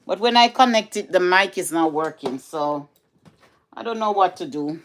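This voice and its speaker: Jamaican woman, middle-aged, low voice, casual vlog chat, repetitive, patois. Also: moderate pace. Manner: chatty, repetitive, switches into patois. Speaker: vlogger.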